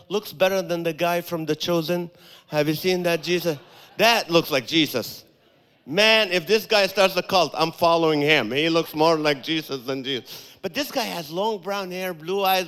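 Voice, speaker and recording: Guy doing church standup, kinda high voice, lively storytelling, long reverb from a big hall. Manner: animated storytelling, acts out voices and punchlines. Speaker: Christian comedian. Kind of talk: stand-up comedy set in church. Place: large church auditorium.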